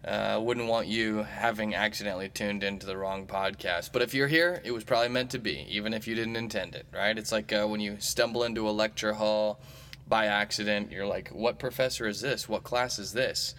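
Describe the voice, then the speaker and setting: A man's voice: fairly low pitch, fairly quick, fairly bright tone. Rambling man in his thirties. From Missouri. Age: 30s. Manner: meandering, jokey, lots of fillers. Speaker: comedy podcast host. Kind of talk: casual rambling monologue.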